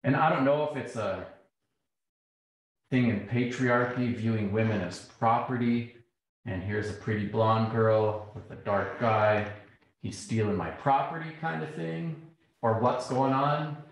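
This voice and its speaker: A man's voice: mid-range voice, a little slow. Man telling stories in an echoey hall. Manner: animated, acts out quoted exchanges. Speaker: speaker. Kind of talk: public talk with storytelling. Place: lecture hall.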